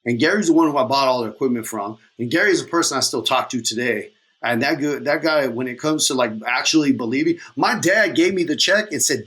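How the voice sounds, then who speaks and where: A man in his thirties tells his own story on a podcast at a middle pitch. He talks in a casual, energetic way, rambling and slangy. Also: a little fast. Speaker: podcast guest, coach.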